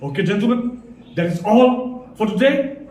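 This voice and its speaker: A man's voice: sits high, lively intonation, normal speed, darkish tone. A man teaching a class on poetic meter, explaining step by step and checking in with his students as he goes. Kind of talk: classroom lecture on poetry. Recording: echoey room, distant mic.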